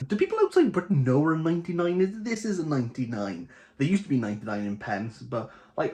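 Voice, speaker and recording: Animated Welsh Valleys man chatting books. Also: on the high side, quick pace. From Wales. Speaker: book channel host. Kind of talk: casual chat to camera.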